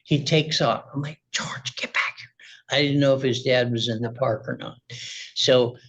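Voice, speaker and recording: A man's voice: mid-range voice, steady tone, moderate pace, a bit bright, breathy edge. A man speaking as a litigant in a courtroom, telling his side of the story in a rambling, agitated way full of restarts. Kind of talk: testimony in a courtroom.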